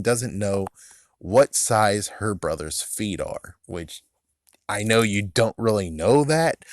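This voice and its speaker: A man casually recapping and critiquing a TV episode, rambling with profane asides and quick laughs. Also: fairly low pitch, darkish tone, no room sound, clean studio sound. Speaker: episode reviewer.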